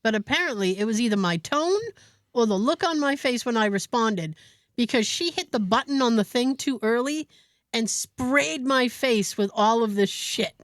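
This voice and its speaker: Lively, high-voiced woman telling a story. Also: normal speed, no room sound, studio quality. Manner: animated, profane, self-mocking. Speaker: podcast host. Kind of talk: casual storytelling chat.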